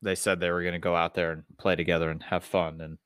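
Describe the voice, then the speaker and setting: A man's voice: low-pitched, level tone, fast talker, a bit bright, smooth, dry recording, studio quality. A married man co-hosting a casual sports podcast, telling stories in a laid-back way. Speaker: podcast co-host.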